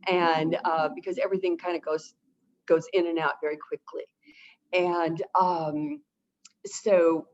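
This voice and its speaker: A woman with a somewhat low voice gives expert advice on a webinar in a chatty, animated way. She often slips into acted-out lines as she explains things. The audio is dull and lo-fi, as from a video call. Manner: chatty and animated, acts out talking to birds. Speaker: avian behavior consultant, guest expert. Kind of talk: webinar advice, answering viewer questions.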